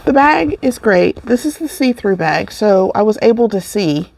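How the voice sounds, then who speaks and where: A woman's voice: medium pitch, very animated, normal speed, vocal fry, darkish tone. A middle-aged woman hosting a crafting podcast, chatting casually in a rambling, self-correcting way as she shows off her yarn. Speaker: podcast host. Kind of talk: casual chat showing crafts.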